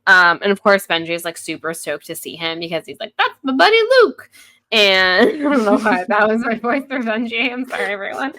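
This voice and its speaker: Bright, lively woman podcast host. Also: medium pitch, brisk, hardly any pauses. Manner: animated retelling, acting out characters' lines. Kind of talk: casual book discussion. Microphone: headphones and studio mic.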